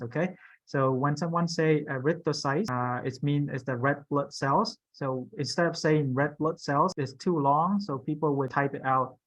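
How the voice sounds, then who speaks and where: A man's voice: a little high, low-quality recording. Patient male teacher. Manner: patient, corrects pronunciation, repeats terms slowly. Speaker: instructor. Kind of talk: online medical English class.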